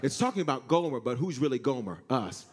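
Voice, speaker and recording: A male pastor preaching a sermon, calling on the congregation to answer and touch their neighbor, swinging between shouts and hushed asides. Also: medium pitch, fast talker, husky. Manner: animated, swings from shouting to hushed, acts out God's voice; call-and-response with congregation.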